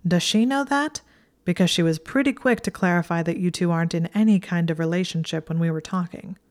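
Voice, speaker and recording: A woman voicing a sardonic teenage boy wizard who talks in quick, mocking retorts, in an audiobook reading. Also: on the low side, a little mellow, close to an everyday voice.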